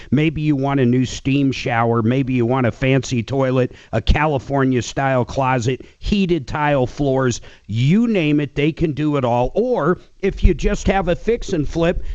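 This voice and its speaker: A man's voice: fairly high pitch, a little mellow, no room sound, highs cut off. A man co-hosting a radio talk show, endorsing a sponsor in an enthusiastic, conversational way. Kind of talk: live radio ad read and studio chat.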